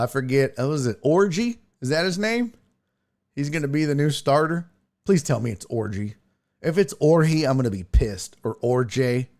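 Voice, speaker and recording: A man hosting a casual sports talk show, brash and profane. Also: a little high. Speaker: sports podcast host.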